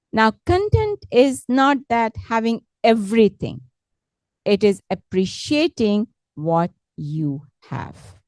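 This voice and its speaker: A woman leading a talk on positive thinking, speaking patiently and gently, often checking in with her listeners. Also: mid-range voice, no room sound. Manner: slow, patient, repeats words and asks "correct?"; gentle, encouraging. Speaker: meditation instructor.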